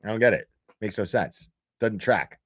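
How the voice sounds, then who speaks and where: A man's voice: fairly low pitch, animated, moderate pace, no room sound, clean studio sound. A man giving a profane, exasperated reaction commentary, reading posts aloud and mocking them. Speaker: commentary streamer.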